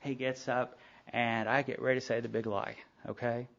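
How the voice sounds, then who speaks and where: At a group meeting, a middle-aged man shares his personal recovery story in a frank, chatty way, throwing in asides and playing out bits of dialogue. His creaky mid-range voice barely shifts in pitch and moves at a normal speed, heard on a muffled lo-fi tape of the live talk.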